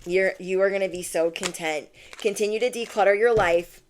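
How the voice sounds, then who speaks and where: A young woman reads tarot cards to her viewers in a casual, chatty way. She gushes and says "like" a lot, and her voice sits at a medium pitch. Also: normal speed, slight background noise. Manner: bubbly, gushing, many "like"s and "oh my gosh". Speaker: tarot reader. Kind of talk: casual channeled reading to viewers.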